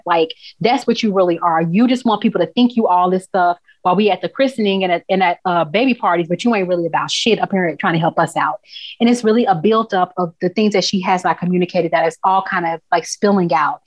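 A woman co-hosting a casual TV recap chat, talking in an animated, emphatic way and laughing often. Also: on the low side, brisk, dry recording. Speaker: podcast co-host. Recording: dull, dry recording.

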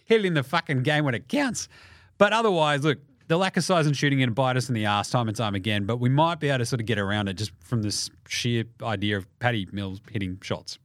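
A young Australian man hosting a basketball podcast, talking casually with lots of swearing and jokes, often mimicking people in quick put-on voices. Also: mid-range voice, dry recording, clean studio sound. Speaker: podcast host. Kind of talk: casual sports podcast monologue.

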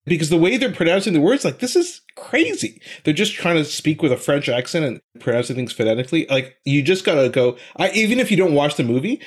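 A man co-hosting a podcast in casual chat, animated and rambling, often trailing off into mumbles. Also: on the high side, fast talker, hardly any pauses. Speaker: podcast co-host.

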